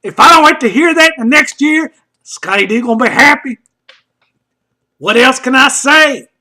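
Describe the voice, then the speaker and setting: Man, comedic ranter: shouty, mocking, rambling, sharp and high-pitched. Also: normal speed. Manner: loud, mocking, often shouting; rambling with frequent "uh" fillers. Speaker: comedic commentator. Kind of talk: comedic rant.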